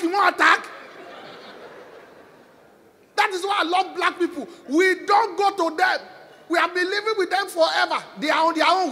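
Man, Nigerian accent, stand-up comedian, high bright voice, loud animated storytelling. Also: slight background noise. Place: concert stage.

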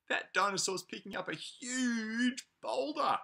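In a slightly high, creaky voice, a man reads a picture book aloud to toddlers at his preschool playgroup. He draws out his words in a lively, sing-song style.

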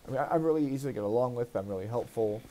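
A man with a dark, mellow voice at an ordinary middle pitch chats into his gaming mic. He retells a personal grievance in a loose, rambling way, swearing freely and sounding put out. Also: very fast. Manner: rambling, profane, aggrieved retelling. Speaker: let's play host. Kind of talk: casual storytelling while gaming.

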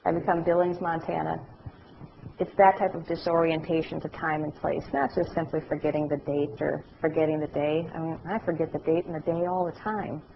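A middle-aged woman giving a class lecture, telling anecdotes in a lively way and acting out the voices of people she describes. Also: low-pitched, a little fast, vocal fry, muffled recording, noisy background. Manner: animated storytelling, acts out voices.

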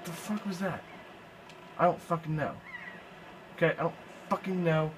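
A young man with a fairly high, steady voice at normal speed commentates a video game as he plays, swearing frequently in frustration. The let's play has game music underneath and some background noise.

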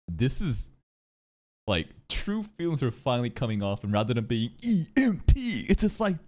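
Excitable stammering man reacting, lively pitch. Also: normal speed. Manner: excitable, stammering restarts, frequent swearing and laughter. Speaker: anime reaction streamer. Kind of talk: casual reaction commentary.

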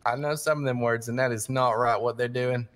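A man in casual role-play banter, gruff and crude, grumbling and complaining. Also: medium pitch, fairly even intonation, brisk, a bit bright.

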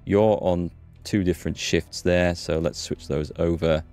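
A man's voice: low-pitched, fairly even intonation, unhurried, darkish tone, faint music behind. A man hosting a gaming channel, chatting and thinking aloud as he plays. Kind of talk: let's-play commentary.

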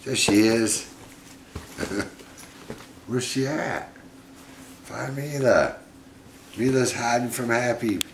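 A middle-aged man talking fondly and gently to his pet monkeys in a casual home vlog. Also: mid-range voice, takes it slowly, creaky, pauses often, echoey room, slight background noise. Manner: gentle, doting, chuckling baby talk to pets.

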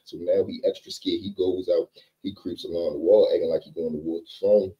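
Brief: low, dark-toned man, rapid casual storyteller, lo-fi mic. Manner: animated, acts out every character.

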